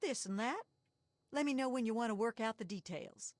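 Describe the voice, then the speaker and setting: A woman's voice: fairly high pitch, lively intonation, normal speed, no room sound, clean studio sound, lightly acted. An actress voicing a sly, folksy backwoods moonshiner woman with a Southern drawl in a game. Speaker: game character.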